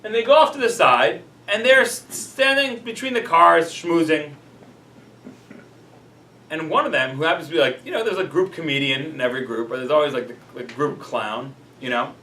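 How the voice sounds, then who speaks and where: A man's voice: a little high, normal speed, bright, forceful tone. A man, a rabbi, teaching a class in a casual, chatty storytelling way, full of "like" and "you know". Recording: roomy echo, mic at a distance.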